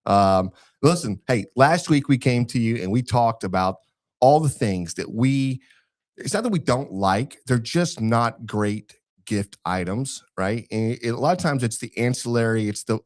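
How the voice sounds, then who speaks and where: A man's voice: medium pitch, animated, normal speed. A man with a Texan accent hosting a casual barbecue podcast, rambling with fillers and restarts. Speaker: podcast host. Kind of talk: casual chat.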